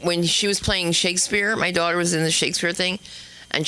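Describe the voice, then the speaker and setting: A woman in the audience gushing excitedly about her daughter. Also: on the low side, a little fast, smooth.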